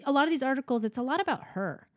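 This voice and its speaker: A woman's voice: high voice, rapid-fire, no echo, studio quality. A woman co-hosting a casual chat, talking frankly and acting out the people in her stories. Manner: animated, frank, acts out quoted voices in stories.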